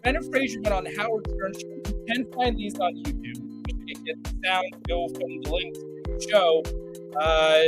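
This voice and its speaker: A man's voice: high voice, fairly even intonation, moderate pace, music in the background. Rambling man apologizing on a live stream. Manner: rambling, apologetic, fumbling with tech. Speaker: podcast co-host. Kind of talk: casual live-stream chat.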